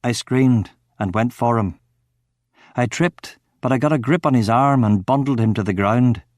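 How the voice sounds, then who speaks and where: A man's voice: mid-range voice, moderate pace, no echo, studio quality. A man reading a thriller audiobook, acting out the dialogue dramatically. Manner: dramatic, acts out the shouting dialogue. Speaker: audiobook narrator. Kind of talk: scripted audiobook narration.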